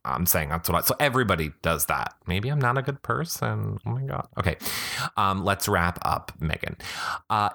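Animated man riffing on gossip. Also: lowish voice, creaky. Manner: animated, interrupts himself, quick asides. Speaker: podcast host. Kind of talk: comedic blog reading with commentary. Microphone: podcast microphone.

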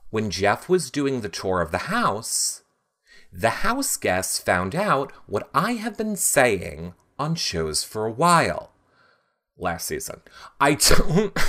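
Animated man recapping, worn out. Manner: animated, mimics houseguests in high voices. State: tired. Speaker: recap show host. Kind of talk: casual commentary with impressions.

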